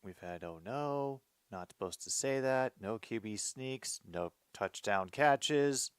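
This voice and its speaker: A man's voice: medium pitch, animated, takes it slowly, clear, resonant tone, dry recording. A man hosting his own show, reacting casually to a football game as he watches, muttering to himself.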